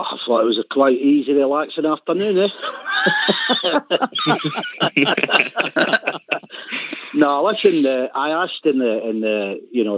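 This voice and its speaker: A man's voice: medium pitch, a bit bright, a little hiss or hum. A man talking as a radio pundit in casual phone-in chat, rambling and repeating his words. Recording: tinny phone line.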